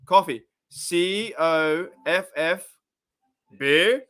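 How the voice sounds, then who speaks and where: Exasperated, insistent cartoon mum, done by an Australian man, pitched up. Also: drawn-out words, fairly bright tone, exaggerated voice. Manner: insistent, repeating herself. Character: exasperated American housewife insisting on coffee.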